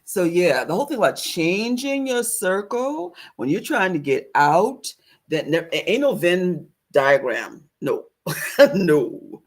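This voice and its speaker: A woman's voice: on the low side, big pitch swings, slow. A woman spiritual teacher telling a story casually to her online audience, laughing often and stressing points with "okay?" asides.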